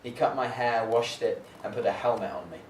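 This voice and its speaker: A man introducing and reading a collaborative poem at a live reading, in a measured way with hesitant fillers. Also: mid-range voice, slight background noise. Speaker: performing poet. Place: library reading room. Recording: echoey room, voice from far off.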